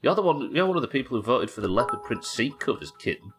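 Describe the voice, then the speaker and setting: Talking fast over music, this man has a mid-range, very animated voice. He's playing a game on a live stream, keeping up chatty, joking commentary full of casual swearing.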